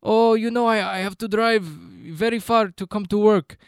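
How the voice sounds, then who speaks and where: A man voicing a humble, weary immigrant building worker, speaking slowly and plaintively in a comedy podcast bit. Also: sits high, clear, resonant tone, no echo, studio quality, pitched above the performer's own voice.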